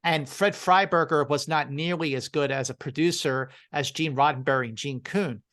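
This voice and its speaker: A man's voice: fairly high pitch, fairly bright tone. A man appearing as a podcast guest, making his points emphatically in casual chat. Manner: emphatic, measured arguing.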